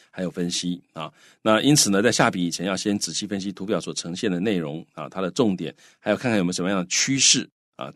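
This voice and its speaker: A man's voice: low-pitched, no echo, studio quality. A man whose first language is Mandarin, co-hosting an English lesson and explaining in Mandarin with English words mixed in. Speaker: co-host teacher. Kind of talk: bilingual radio English lesson.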